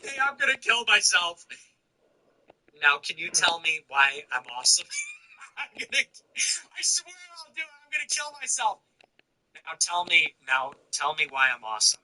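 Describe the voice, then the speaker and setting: A man's voice: high-pitched, huge pitch swings, normal speed, pauses often, sharp tone, full character voice, poor audio. A man mocking a whiny attention-seeking guy. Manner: whining, pleading, mocking parody.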